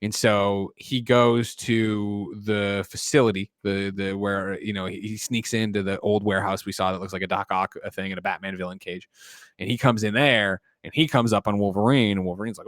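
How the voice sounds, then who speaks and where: A man's voice: lowish voice, steady tone, a little fast, no room sound, studio quality. Man rambling through a movie recap. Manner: rambling recap, acting out characters' lines with loud mock quotes. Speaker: podcast co-host. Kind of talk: casual chat, movie plot recap.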